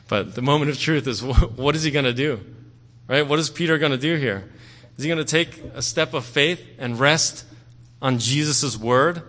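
A pastor preaches a sermon in a medium-pitched, fairly bright voice, with long hall reverb on the recording. His style is conversational, and he often checks in with "okay?" and "right?"

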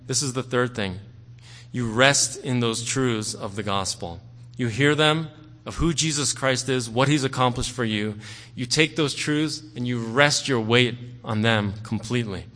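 A man's voice: medium pitch, fairly bright tone. A man preaching a sermon in a conversational way, often checking in with "okay?" and "right?". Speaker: pastor. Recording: long hall reverb.

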